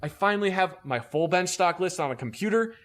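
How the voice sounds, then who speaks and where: A man, an army veteran, telling a story in a casual podcast chat in an animated and profane way. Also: high voice, fairly quick.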